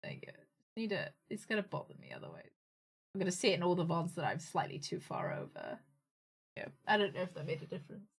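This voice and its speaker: A woman's voice: on the low side, very animated, quick pace, husky. A woman streamer chatting casually and jokingly while playing a game, laughing often. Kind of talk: casual gaming stream chat.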